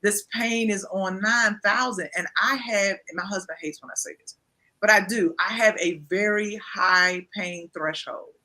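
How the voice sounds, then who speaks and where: A woman's voice: medium pitch, unhurried. A woman in her fifties, a pastor, talking candidly and emphatically as an interview guest. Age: 50s. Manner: emphatic, expressive, repeats phrases for emphasis.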